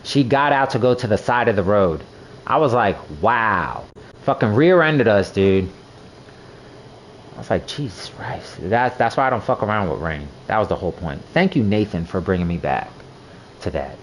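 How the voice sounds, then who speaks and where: A man's voice: fairly low pitch, moderate pace, slight background noise. Rambling, profane young gamer guy. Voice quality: rambling, profane, animated storytelling. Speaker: gaming streamer. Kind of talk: casual chat while gaming.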